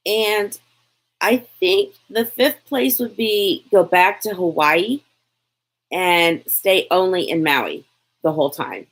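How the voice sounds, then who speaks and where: A woman's voice: fairly low pitch, slow. A woman, chatting casually on a live stream from her phone and answering viewer questions. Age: 40s. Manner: chatty, lively, laughs often, reads comments aloud. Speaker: lifestyle vlogger, live Q&A host.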